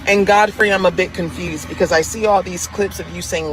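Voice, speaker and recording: A man's voice: high-pitched, fairly even intonation, a little fast, few pauses, fairly bright tone, slight background noise, poor audio. A man in a commentary clip, indignant and profane, firing off rhetorical questions.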